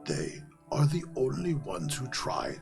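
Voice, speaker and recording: A man voicing a terse, wise sacred toad that answers in short, slow, clipped phrases. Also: mid-range voice, very animated, gravelly, darkish tone, faint music behind. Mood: cryptic. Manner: slow, clipped few-word replies.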